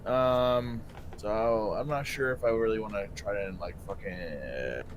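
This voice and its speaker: A man's voice: fairly low pitch, measured pace, noisy background. A man playing a tabletop game, thinking aloud in a hesitant, casual way. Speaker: player.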